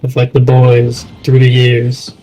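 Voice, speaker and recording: A man's voice: mid-range voice, monotone, unhurried, mellow, rough recording. A young man in casual chat, rambling and swearing, often trailing off mid-thought. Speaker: streamer.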